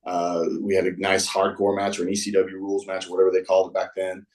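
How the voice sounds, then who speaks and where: A man's voice: deep voice, completely flat delivery, fast talker, darkish tone, rough recording. A man talking as a guest on a show, telling a story in a rambling, casual way. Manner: rambling, with many fillers and restarts.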